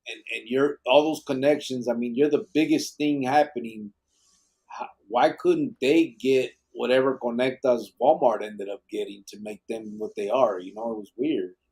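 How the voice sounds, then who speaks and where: A man's voice: medium pitch, fairly even intonation, normal speed, a little mellow, husky. A man hosting a live podcast, chatting casually and reading out chat messages in a laid-back, slangy way that is full of swearing. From Arizona.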